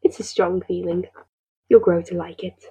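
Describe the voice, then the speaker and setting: A woman voicing a gentle, wise female ice spirit who speaks formally and reassuringly. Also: on the low side, fairly even intonation, normal speed, vocal fry, slightly rough, full character voice, low-quality recording. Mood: gracious.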